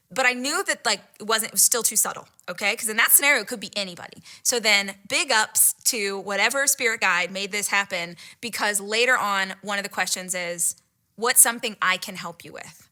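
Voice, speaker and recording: Giddy, bright-voiced woman telling a story. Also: mid-range voice, fast talker. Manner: breathless, giddy, dips into whispered asides. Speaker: podcast host retelling a date story. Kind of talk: excited personal storytelling.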